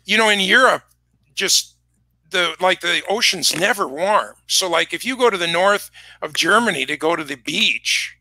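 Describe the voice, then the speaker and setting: Gravelly, bright-voiced talkative man. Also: high voice, lively intonation, moderate pace, no echo. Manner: rambling storyteller, chatty. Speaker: online concert pre-show host. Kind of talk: casual chat. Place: music shop.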